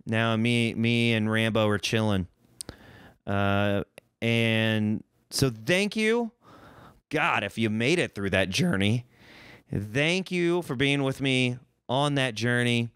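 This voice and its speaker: A man's voice: medium pitch, lively intonation, slow, fairly bright tone, clear, resonant tone, no echo, studio quality. A man from Missouri hosting a solo podcast, rambling and joking with a profane, self-mocking streak. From Missouri, United States. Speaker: podcast host.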